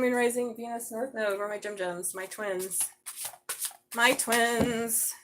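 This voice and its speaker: Excitable, chatty woman tarot reader. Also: mid-range voice, a little hiss or hum, rough recording. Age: middle-aged. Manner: chatty, excitable, swears casually. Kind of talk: live tarot reading.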